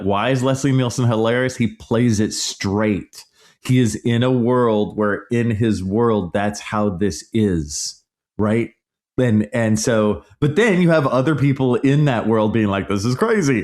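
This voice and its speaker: Here a middle-aged man, host of a laid-back solo podcast, gives a movie review that turns into a blunt, exasperated rant. His pitch is fairly low and his tone a little mellow.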